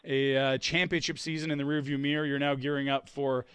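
A man's voice: medium pitch, level tone, brisk, a bit bright, clear, resonant tone, no room sound. A man hosting a sports radio interview, teasing his guest in easy banter. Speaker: radio host.

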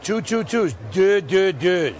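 A man doing an impression of a boisterous middle-aged sportscaster, gruff and sing-song, with faint background noise. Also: high voice, animated, slow pace, darkish tone, pitched above the performer's own voice. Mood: booming.

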